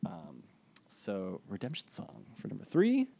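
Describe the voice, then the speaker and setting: A man's voice: on the low side, wildly swooping pitch, unhurried, gravelly, warm tone, a little hiss or hum. A man co-hosting a podcast, talking casually and hesitantly with many fillers. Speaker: podcast co-host. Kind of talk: casual chat.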